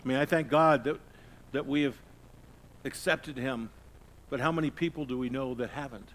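A middle-aged male pastor preaching a sermon, swinging from loud emphasis to hushed, low passages. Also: steady tone, moderate pace, a little hiss or hum.

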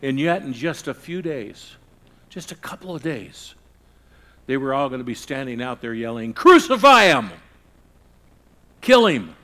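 A middle-aged male pastor preaching a sermon, swinging from loud emphasis to hushed, low passages. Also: moderate pace.

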